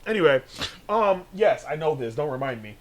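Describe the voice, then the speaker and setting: A man co-hosting a podcast, telling a crude story in casual, profane talk and jumping into loud quoted voices. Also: a little high, very animated, moderate pace, a little hiss or hum.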